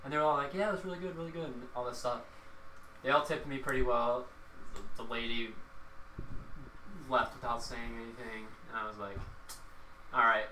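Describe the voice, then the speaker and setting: A man's voice: mid-range voice, little pitch movement, moderate pace, pauses often, pushed and bright, a little hiss or hum. A young man, a restaurant server, telling a story in casual chat, rambling with lots of fillers and quoted dialogue. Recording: echoey room, mic at a distance.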